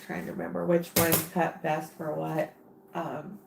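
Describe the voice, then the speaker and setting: A woman with a low, gravelly voice rambles slowly through a casual crafting livestream. She talks to herself as she works and fills gaps with ums. The recording sounds like a bare, echoing room. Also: flat delivery, very noisy. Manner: rambling, talks to herself while working, many fillers.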